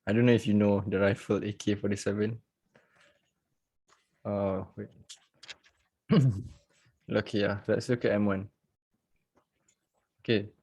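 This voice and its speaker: Male trading teacher, low husky voice, unhurried, jokey live class on a video call. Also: flat delivery, mellow. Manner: joking, chatty, laughs often. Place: at home.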